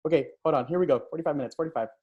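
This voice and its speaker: A man leading a live online coaching session, upbeat and hyping up the chat with cheers and quick shout-outs, talking into a computer mic on a video call. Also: a little high, dull audio. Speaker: transformational coach.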